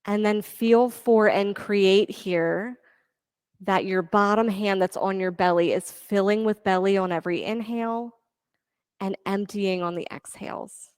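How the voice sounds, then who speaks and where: A woman leading a yoga class, calmly cueing moves and breaths and counting reps with encouragement. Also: mid-range voice, unhurried, clear, resonant tone, no echo. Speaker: yoga instructor. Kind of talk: guided yoga class cues.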